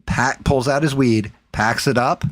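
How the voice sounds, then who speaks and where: A man's voice: mid-range voice, fairly even intonation, unhurried. A man hosting a live stream, telling a story in casual, profane chat and acting out what people said. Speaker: streamer host.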